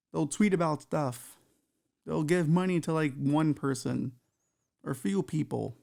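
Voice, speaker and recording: Gravelly-voiced man riffing on a podcast. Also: high-pitched, mellow. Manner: loose, profane, riffing with asides. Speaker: podcast host. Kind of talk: comedic monologue.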